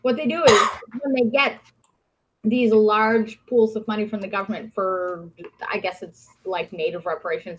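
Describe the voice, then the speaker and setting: With a medium-pitched voice, this live-stream podcast host launches into a hot-tempered, sarcastic, cursing rant. The rough recording carries a little hiss or hum.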